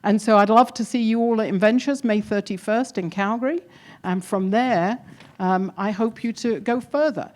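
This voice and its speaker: A woman's voice: medium pitch, moderate pace, darkish tone. A woman with an English accent, speaking live to an event crowd, upbeat and encouraging, chatting with the audience. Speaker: keynote presenter at demo day. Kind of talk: energetic live speech to an audience.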